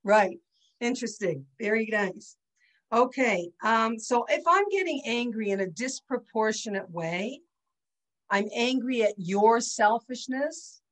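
A teacher leads an online class, giving a chatty lecture over a video call and regularly checking in with listeners through "right?" and "okay?". Her voice is fairly high and expressive, her pace measured, and the recording rough.

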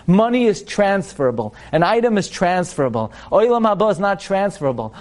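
High-voiced animated man telling a story. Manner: animated, dramatic, addresses listeners directly. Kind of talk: storytelling lesson.

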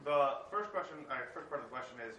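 A man's voice: a little high, animated, fast, pushed and bright, a little hiss or hum. A man in a class hesitantly asking the teacher questions. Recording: distant echoey room mic.

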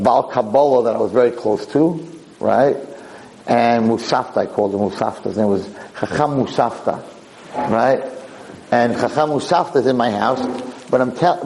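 A man giving a Torah lecture, telling a story in a lively, animated way, acting out the people in it. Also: rough recording. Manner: animated, acts out yelling characters in high pitch. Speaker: rabbi lecturer.

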